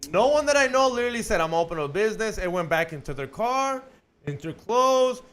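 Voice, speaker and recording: Male co-host, high lively voice with wide swings, profane storytelling banter. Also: fairly quick. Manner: profane, spins long joking hypotheticals with lively swings. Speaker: podcast co-host. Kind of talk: casual chat.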